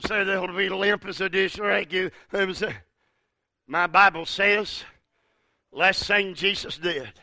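A male preacher, delivering a fervent sermon that builds to shouts, with halting restarts. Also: high-pitched, fairly even intonation, dry recording, clean studio sound.

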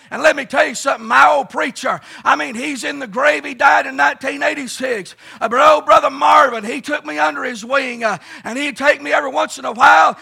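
A middle-aged man preaching a fervent, folksy revival sermon at a camp meeting, often shouting and telling homespun stories. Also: extremely high pitch, a little fast, vocal fry, husky. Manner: fervent, folksy storytelling with frequent "uh" and "let me tell you something".

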